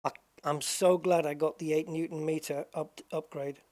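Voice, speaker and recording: A man's voice: a little high, level tone, moderate pace. A man giving live commentary while driving a racing sim, exclaiming often as he wrestles a heavy wheel. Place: home sim rig. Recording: loud racing game engine noise behind.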